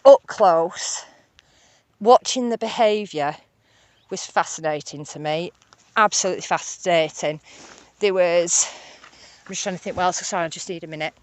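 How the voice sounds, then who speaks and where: A woman, vlogging casually and excitedly about wildlife while walking on a rural hillside. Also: on the low side, moderate pace, long pauses, dry recording. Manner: chatty, excitable, rambling. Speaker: nature vlogger.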